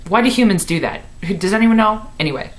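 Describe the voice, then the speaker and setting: A woman's voice: mid-range voice, fast talker. Bubbly young woman telling a story. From Missouri, USA. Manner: bubbly, animated, lots of "like". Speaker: comedy vlogger. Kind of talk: comic storytelling to camera. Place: her apartment. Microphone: camera in her room.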